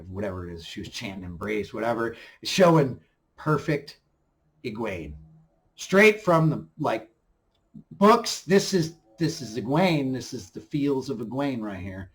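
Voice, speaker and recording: A man runs a TV review channel and talks in a casual, excited way, a little on the slow side. He acts out scenes, swinging between quiet mutters and loud bursts.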